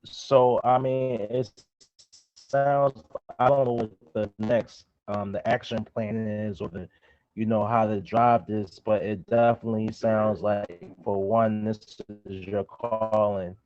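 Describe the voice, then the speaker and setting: A man giving feedback as a community partner, halting and searching for words as he speaks. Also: on the low side, fairly even intonation, no echo. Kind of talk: conversational feedback. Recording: dull dry sound.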